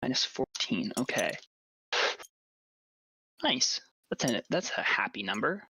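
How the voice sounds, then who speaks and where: A man running a tabletop game as dungeon master, casually reading rules aloud with halting restarts. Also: medium pitch, big pitch swings, pushed and bright, slight background noise.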